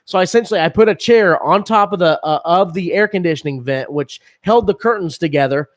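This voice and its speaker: A man's voice: high voice, a little fast, no room sound. A man in his thirties co-hosting a podcast, telling crude stories with lots of swearing and laughter. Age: 30s. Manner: profane, laughing, animated storytelling. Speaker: podcast co-host. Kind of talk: crude casual banter.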